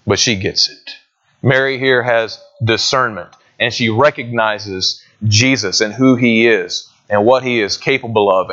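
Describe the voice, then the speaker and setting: A man's voice: mid-range voice, a bit bright, dull audio. A man preaching a sermon in a conversational way, often asking his listeners questions. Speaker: pastor.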